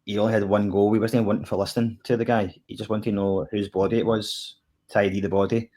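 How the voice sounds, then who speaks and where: Scottish guy, lowish voice, rambly casual chat, lots of kinda and like. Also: little pitch movement, quick pace, dark tone. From Scotland. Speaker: podcast co-host reviewing TV.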